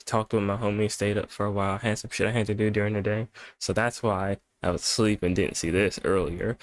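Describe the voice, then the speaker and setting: Man, young adult, casual profane game reactions, tired, rambling, lowish pitch. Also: steady tone, a little fast, no echo. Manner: rambling, profane, laid-back. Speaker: reaction video host. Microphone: webcam setup at home.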